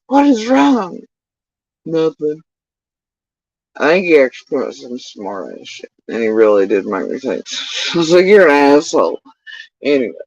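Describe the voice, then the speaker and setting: Guy in his middle years chatting on a stream, meandering and cussy, muffled sound, no room echo. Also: mid-range voice. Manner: profane, meandering, drawn-out. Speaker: livestreamer. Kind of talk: casual rambling chat. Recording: dull lo-fi dry sound.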